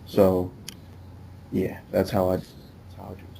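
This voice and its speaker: A man's voice: low-pitched, completely flat delivery, moderate pace, vocal fry, dark tone, low-quality recording. A man hosting a podcast in a loose, rambling casual chat with many fillers. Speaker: podcast host.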